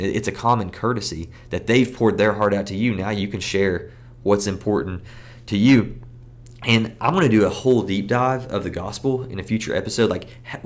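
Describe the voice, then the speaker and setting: A man hosting a campus ministry podcast, teaching in an earnest, conversational way with many casual fillers. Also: lowish voice. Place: seated indoors.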